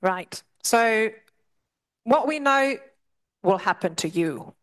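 A woman's voice: fairly high pitch, slow. Chatty woman lecturer with fillers. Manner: lively, direct and chatty, with many asides and fillers. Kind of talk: classroom lecture.

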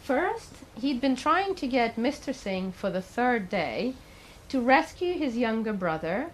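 A woman's voice: fairly high pitch, big pitch swings, unhurried, hardly any pauses, slight background noise, low-quality recording. A woman giving a talk, telling a story in a conversational way with the odd filler and questions to the audience. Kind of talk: storytelling lecture.

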